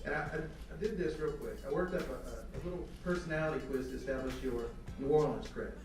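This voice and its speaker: A man interviewing a guest, asking quick playful quiz questions with stammering repeats. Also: on the high side, recorded from a distance, background noise. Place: film festival event. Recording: echoey, off-mic, music behind.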